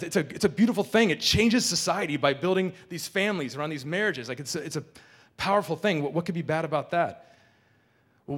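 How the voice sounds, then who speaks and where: A man in his thirties giving a candid personal talk to an audience, animated and full of restarts. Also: a little high.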